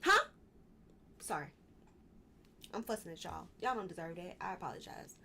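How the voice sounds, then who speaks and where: A woman's voice: lowish voice, fast talker, vocal fry, a little hiss or hum. A young woman hosting a live stream, talking casually about politics and getting worked up, repeating her questions. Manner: gets worked up, repeats questions, fussing then apologizing.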